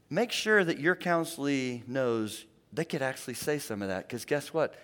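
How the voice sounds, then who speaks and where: A man's voice: high-pitched, normal speed, few pauses, pushed and bright. A middle-aged male pastor giving a conversational sermon, telling stories and acting out the voices of people he quotes.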